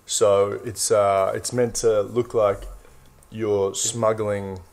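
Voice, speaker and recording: A young Australian man with an Australian accent, casually explaining slang in a relaxed drawl. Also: on the low side, takes it slowly, crowd noise. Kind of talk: casual explainer in a played clip.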